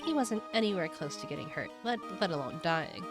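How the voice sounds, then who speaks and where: A woman's voice: deep voice, big pitch swings, a little fast, music in the background. A woman voicing a playful, brash young woman animal tamer while reading game dialogue aloud. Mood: teasing.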